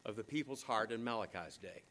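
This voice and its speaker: A man preaching a sermon as a pastor, swinging between emphatic fast bursts and slow hushed phrases. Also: fairly low pitch. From southern United States.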